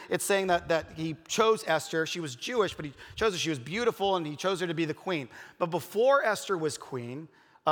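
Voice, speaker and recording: Earnest pastor, slightly high, reverberant hall. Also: male voice, fairly bright tone. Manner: casual, earnest storytelling with frequent fillers and restarts. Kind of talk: conversational sermon with personal stories. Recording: long reverb of a large hall.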